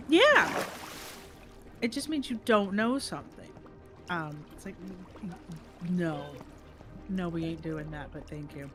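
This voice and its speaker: A woman's voice: animated, takes it slowly, pauses often, over music, poor audio. A middle-aged woman from the United States, chatting casually as a livestream co-host and acting out what people said to her. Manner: chatty storytelling, acts out quoted people with big pitch jumps. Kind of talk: casual chat.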